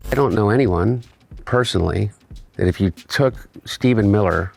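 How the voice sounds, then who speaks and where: A man's voice: fairly low pitch, normal speed, vocal fry, soft background music. A man in casual podcast chat, talking in a thoughtful, searching way.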